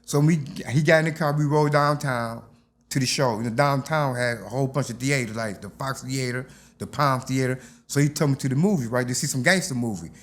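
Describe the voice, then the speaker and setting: A man's voice: mid-range voice, brisk, a bit bright. An older man, telling stories from his youth in a casual interview and acting out the voices. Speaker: interview guest.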